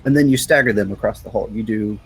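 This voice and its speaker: A man's voice: fairly low pitch, fast, a little hiss or hum, poor audio. Male gamer rattling off loadout advice. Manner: instructive, rattles off game loadouts. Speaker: co-host player. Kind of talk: live-stream gaming chat.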